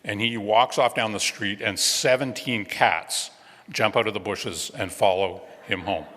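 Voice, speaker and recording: A male guest minister telling a children's story during a church service, gentle and playful, with pauses. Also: on the low side. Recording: long reverb of a large hall.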